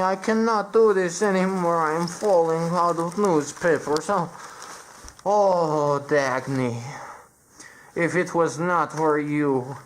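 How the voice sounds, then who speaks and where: A woman pushes her low-sitting voice down further to play a steel magnate stuffed with newspapers, a whiny man who pleads in stilted, formal speech that avoids contractions. The absurd comedy bit comes through on poor audio with a little hiss or hum.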